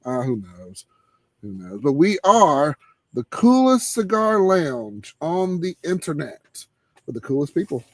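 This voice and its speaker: A man hosting a live cigar show in casual chat, laid-back and laughing, trailing off into low murmurs. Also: sing-song, unhurried, no room sound.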